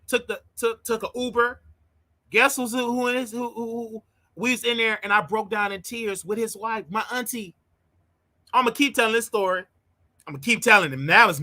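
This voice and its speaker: A man hosting his show, telling a personal story in an emotional, animated way and often repeating himself. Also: very high voice. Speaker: show host.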